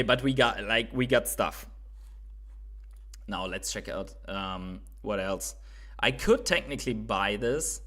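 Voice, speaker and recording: A man's voice: fairly low pitch, a bit bright. A man from Germany with a German accent, hosting a casual livestream, thinking aloud, swearing now and then, and often tagging on "right?". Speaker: livestream host.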